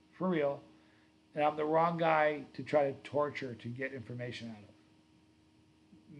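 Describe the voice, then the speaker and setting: Middle-aged male stream host, a bit higher-pitched, loose rambling storyteller who chats with viewers. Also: highs cut off. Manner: rambling, reads viewer comments aloud; storytelling, self-correcting. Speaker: livestream host. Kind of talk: casual livestream chat.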